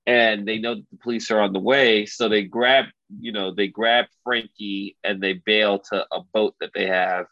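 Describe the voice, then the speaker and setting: A man casually retelling a story as a podcast co-host, animated and loose, full of filler words. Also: fairly low pitch, moderate pace, few pauses, dry recording. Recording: dull lo-fi dry recording.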